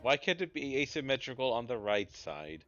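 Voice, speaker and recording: A man's voice: medium pitch, big pitch swings, normal speed, fairly bright tone. A male streamer chatting casually while playing, grumbling and correcting himself. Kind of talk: casual gaming chat. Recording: dull lo-fi with game music.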